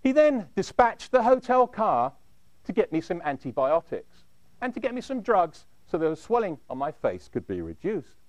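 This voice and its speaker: A man telling a dramatic first-person story in a measured way, dropping low at the end of his phrases. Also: sing-song, dry recording.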